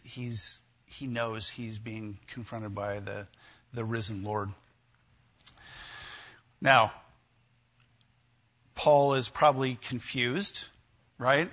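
A pastor's medium-pitched, slightly bright voice comes through with the highs cut off. He delivers his sermon in a conversational way, frequently putting questions to his listeners.

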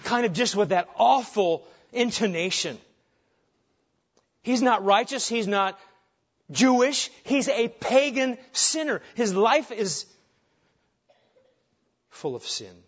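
A man's voice: high voice, slow pace, pauses often. Emphatic male preacher, lo-fi sound. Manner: emphatic preaching, dropping soft on key phrases and rising when animated. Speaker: pastor. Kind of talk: sermon.

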